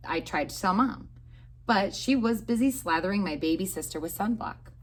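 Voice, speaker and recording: A woman teacher reading a picture book aloud to young children in an expressive storytelling way. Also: medium pitch, moderate pace.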